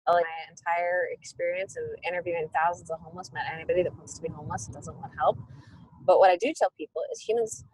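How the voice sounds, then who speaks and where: Animated woman telling stories, lowish voice. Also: fast, a little hiss or hum, poor audio. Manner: animated, acts out quoted dialogue. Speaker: nonprofit founder, guest. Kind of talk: conversational storytelling.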